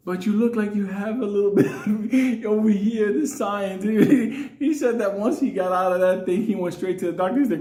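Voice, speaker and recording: A man's voice: high voice, warm tone, reverberant. Laughing, swearing man telling a story. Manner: laughing often, swearing, acting out quotes. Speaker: storyteller host. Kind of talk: casual storytelling.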